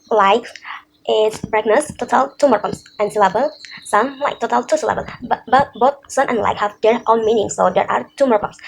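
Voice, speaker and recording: A young woman gives a student class presentation, reading from notes and working slowly and deliberately through examples one by one. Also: medium pitch, vocal fry, a little hiss or hum, rough recording.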